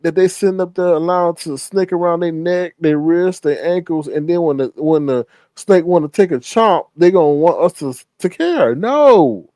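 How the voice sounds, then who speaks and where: High-voiced man ranting on a livestream. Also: dark tone, no echo. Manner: emphatic, repetitive, sassy asides. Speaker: livestream commentary host. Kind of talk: casual livestream commentary.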